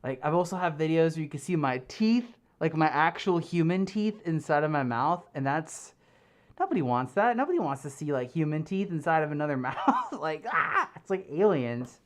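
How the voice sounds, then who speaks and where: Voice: medium pitch, very animated, moderate pace. Rambling, giggly streamer chatting through a fursuit, reading comments from the chat. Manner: rambling and giggly, full of fillers. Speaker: live streamer. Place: home streaming room.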